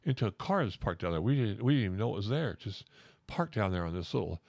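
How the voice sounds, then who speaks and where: An older man in his sixties with a drawl spins a folksy ghost tale, his low, gravelly voice swinging up and down as he repeats himself and acts out every shout. The sound is dry and close. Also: very animated, quick pace, no room sound. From Oklahoma. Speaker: storyteller. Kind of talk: folksy ghost-story telling.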